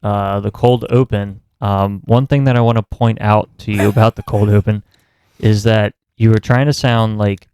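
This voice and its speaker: A man co-hosting a wrestling podcast in relaxed, rambling casual chat. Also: on the low side, moderate pace, clean tone, no echo, clean studio sound. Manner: relaxed, rambling, laughs at his co-host. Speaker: podcast co-host.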